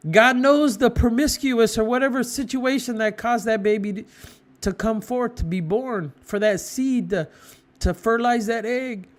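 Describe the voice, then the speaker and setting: A man's voice: very high voice, moderate pace. A man preaching with fervent conviction, hammering home short repeated phrases. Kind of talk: impassioned moral preaching.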